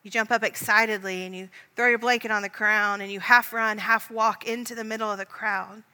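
A woman leading a guided Christian prayer meditation in a gentle, calm voice, speaking directly to the listener as "you". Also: medium pitch, brisk, long reverb tail. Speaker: prayer leader.

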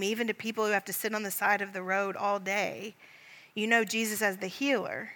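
A woman leading a guided Christian prayer meditation in a gentle, calm voice, speaking directly to the listener as "you". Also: mid-range voice, long reverb tail. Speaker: prayer leader.

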